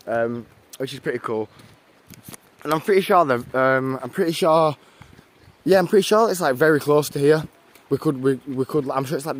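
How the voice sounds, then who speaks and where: A young man with a northern English accent, chatting casually to viewers while walking outdoors on a livestream. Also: mid-range voice. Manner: chatty, rambling, thanks viewers warmly. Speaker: live-streamer. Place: outdoors walking through a town. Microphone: handheld phone camera.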